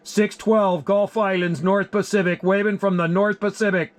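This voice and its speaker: A man working a CB radio, calling out call signs in a relaxed, friendly way. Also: sits high, normal speed. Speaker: CB radio operator. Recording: loud radio static hiss.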